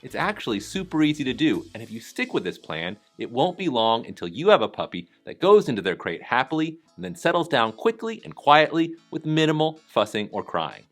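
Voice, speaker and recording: Man narrating a calm training lesson. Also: mid-range voice, brisk, hardly any pauses, soft background music. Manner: calm, instructive and encouraging. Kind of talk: scripted voice-over narration.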